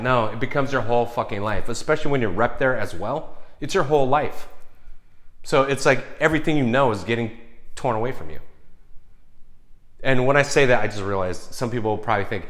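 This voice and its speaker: Man in his forties, casual vlog storytelling, rambling, swears a lot, mid-pitched voice. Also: fairly quick, fairly bright tone. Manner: rambling, profane, many restarts. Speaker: vlogger.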